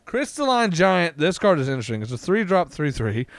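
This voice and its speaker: A man hosting a casual card-opening vlog, reading card text aloud in an excitable way, with frequent "uh"s and laughs. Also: mid-range voice, fast talker, no room sound. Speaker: card-opening channel host.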